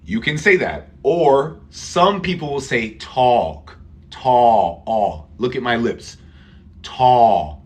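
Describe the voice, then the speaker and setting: A man teaching English pronunciation in a live online class, who repeats words slowly for Spanish-speaking learners. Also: medium pitch, lively intonation.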